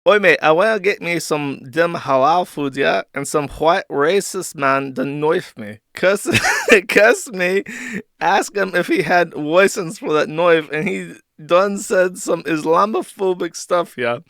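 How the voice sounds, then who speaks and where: A man's voice: on the high side, measured pace, creaky, fairly bright tone, dry recording, studio quality. A man voicing a brash young British lad who calls the police, cocky and full of slang.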